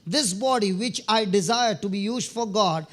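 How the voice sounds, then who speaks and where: A man's voice: sits high, normal speed, a bit bright. A man preaching a sermon, telling testimony stories, often checking in with his listeners and repeating words as he starts phrases.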